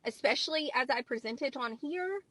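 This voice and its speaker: Woman, Southern US accent, blunt and wry, lively higher voice, dry sound. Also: brisk, no echo, poor audio. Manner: blunt, wry, plain-spoken. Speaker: content creator. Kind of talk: talking-to-camera rant.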